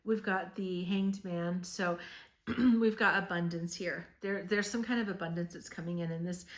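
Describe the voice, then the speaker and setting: A woman's voice: fairly low pitch, fairly even intonation, normal speed. A woman giving a chatty, meandering tarot reading to her viewers, earnest and reassuring, with frequent "um" and "like". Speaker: tarot reader. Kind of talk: casual tarot reading to camera.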